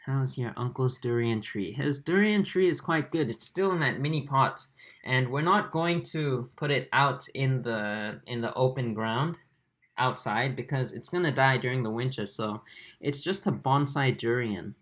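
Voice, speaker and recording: A young man with an Australian-tinged accent, hosting a casual livestream and answering viewer comments in a relaxed way, with lots of fillers and restarts, recorded on a laptop mic. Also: medium pitch, measured pace. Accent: Australian-tinged English. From Japan and Singapore. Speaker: aquarium channel host.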